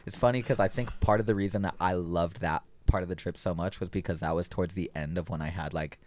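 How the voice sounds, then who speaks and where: A man's voice: low-pitched, fairly even intonation, fast, a little mellow. A man chatting casually as a podcast guest, loose and profane, laughing easily. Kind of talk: casual chat.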